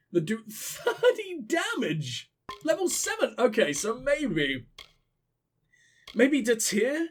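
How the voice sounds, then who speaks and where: Animated, sarcastic young gamer guy. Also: high voice, a little hiss or hum. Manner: sarcastic, profane, mocking. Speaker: let's play gamer. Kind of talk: sarcastic gameplay commentary.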